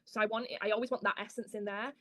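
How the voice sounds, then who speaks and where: A woman, an author being interviewed, who tells stories in a lively way, acts out her own dialogue and swears casually. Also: mid-range voice, fast, dry recording, clean studio sound. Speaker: author guest. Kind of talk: casual chat.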